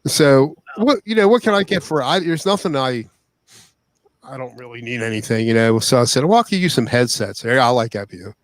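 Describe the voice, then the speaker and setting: A man's voice: medium pitch, normal speed, no room sound. A man chatting casually as a hobby musician, rambling and restarting his sentences. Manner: rambling, stop-and-start talk. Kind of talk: casual chat.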